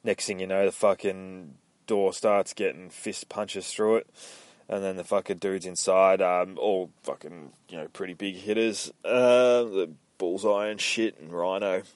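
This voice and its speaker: A man hosting a comic book podcast, recapping an issue in casual, profane play-by-play and dropping into quick voice impressions. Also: sits low, fairly even intonation, no echo.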